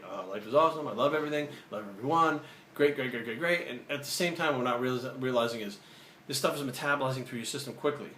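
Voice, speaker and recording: Male vlogger, brash storyteller, mid pitch, echoey room. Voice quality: profane, animated, acts out the dialogue. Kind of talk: casual storytelling. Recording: roomy echo, faint ambient noise.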